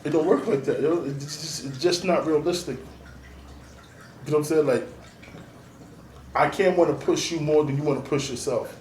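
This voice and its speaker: Blunt, streetwise man, slightly high voice, slightly off-mic in a roomy space. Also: normal speed, long pauses, darkish tone. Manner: blunt, streetwise, profane, emphatic. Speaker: artist and DJ manager, guest. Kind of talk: casual interview talk. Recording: roomy, noisy, mic at a distance.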